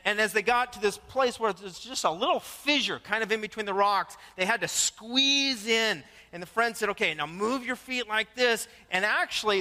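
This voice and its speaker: A man with a high, forceful, sharp voice preaches a sermon, animated and storytelling, stumbling over repeated words and cracking jokes. His voice rings out with a long reverb across a church sanctuary. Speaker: pastor.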